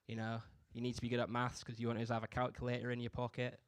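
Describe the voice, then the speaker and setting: A man's voice: medium pitch, completely flat delivery, very fast, clear, resonant tone, no echo, studio quality. A young man from doing a stand-up comedy set in a laid-back, conversational way. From Bristol, England. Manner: laid-back, conversational delivery with frequent "you know what I mean".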